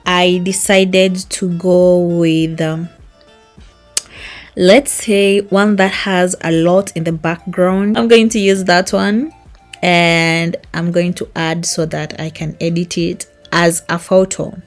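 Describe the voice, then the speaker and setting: A woman's voice: on the low side, steady tone, takes it slowly, faint music behind. A young woman from Kenya hosting her own vlog, giving a casual, rambling app tutorial with self-mocking asides. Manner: chatty, rambling, self-mocking with small laughs. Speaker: YouTube vlogger. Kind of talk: casual screen-recorded tutorial.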